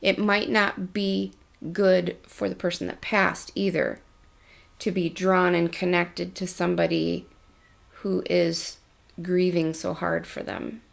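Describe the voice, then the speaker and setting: A woman's voice: on the low side, little pitch movement, slow, creaky. A woman coach telling personal stories in a casual vlog, candid and chatty with casual slang. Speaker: life coach.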